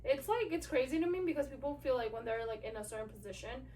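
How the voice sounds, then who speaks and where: A woman co-hosting a casual podcast, chatty and quick to laugh. Her voice is high. She sits a little away from the mic, with a faint hiss behind her. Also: a little mellow, far from the mic. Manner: laughs often, backchannels, chatty. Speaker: podcast co-host. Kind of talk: casual chat.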